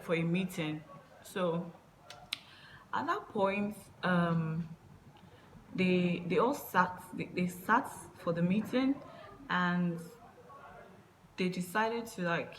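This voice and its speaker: Young adult woman, slightly low pitch, faint hiss, halting storytime vlog. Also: poor audio. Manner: halting, many fillers and restarts. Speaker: vlogger. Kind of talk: personal storytime monologue.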